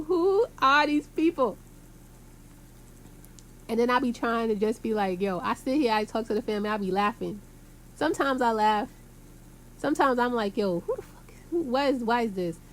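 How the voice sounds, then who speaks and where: A woman from Brooklyn, talking to her viewers in a rambling, emphatic way full of street slang and cursing. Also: a little high. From Brooklyn, New York. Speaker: vlogger. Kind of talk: casual rambling monologue to camera.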